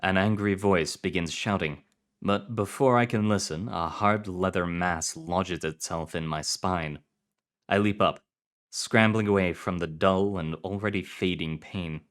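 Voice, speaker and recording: A man reading fiction aloud in a calm, measured, low-key narration. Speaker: story reader.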